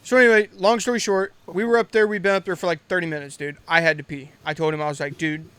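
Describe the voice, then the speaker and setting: A man's voice: sits high, fairly even intonation, fast, a bit bright, clean tone. A man in his twenties with an American accent, co-hosting a podcast and telling rambling stories in casual chat, laughing often. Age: 20s. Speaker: podcast co-host.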